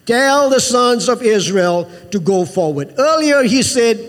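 A man's voice: extremely high pitch, expressive, a little slow, big-room sound. A man preaching a sermon to a church, emphatic and repetitive, calling out to the congregation for an amen. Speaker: pastor.

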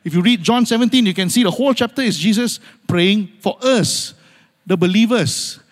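A man's voice: high voice, moderate pace. Man preaching in an echoing hall. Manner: dramatic swings from loud urgency to hushed near-whispers; repeats phrases for emphasis, calls out amen. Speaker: pastor. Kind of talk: sermon. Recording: long hall reverb.

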